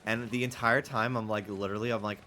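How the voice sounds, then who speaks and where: A man's voice: on the low side, steady tone, fast, bright, forceful tone. A man streaming a game and chatting casually, rambling and profane, sarcastic, laughing often, from the United States.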